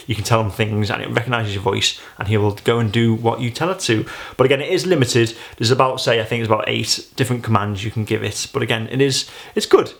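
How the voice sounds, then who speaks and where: Guy with a gravelly voice chatting thru a toy review, keeps saying you know. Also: mid-range voice. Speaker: gadget reviewer. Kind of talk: casual unboxing review.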